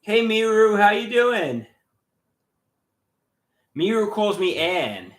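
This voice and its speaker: A man's voice: sits high, big pitch swings, takes it slowly, echoey room. A man chatting casually on a livestream, reading viewer comments aloud and greeting chatters.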